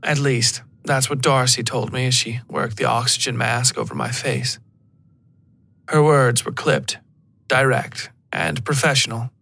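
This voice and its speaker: A man reading a first-person horror story as a podcast narrator, in a measured, even storytelling manner. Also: mid-range voice, vocal fry, dry recording, studio quality.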